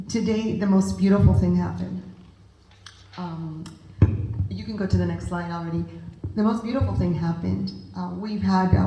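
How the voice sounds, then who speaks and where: A woman's voice: lowish voice, dark tone. Woman talking to a room of parents, earnest and emphatic, echoey hall sound. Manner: earnest, emphatic, addresses the audience directly. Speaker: guest speaker at a parent group meeting. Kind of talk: motivational talk to parents. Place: meeting room with audience.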